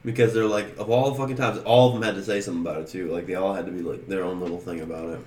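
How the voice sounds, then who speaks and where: A man's voice: low voice, steady tone, very fast, a little mellow, reverberant. A man co-hosting a podcast in casual chat, rambling with lots of "like" and "you know what I mean.". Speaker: podcast co-host.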